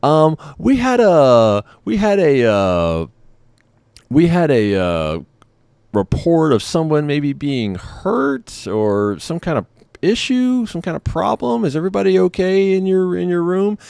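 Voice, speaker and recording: A man voicing a persistent female hotel operator who stumbles over her words with halting restarts. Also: a little high, sing-song, creaky, darkish tone, clean tone, no room sound, clean studio sound, pitched above the performer's own voice, heavily acted. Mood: flustered.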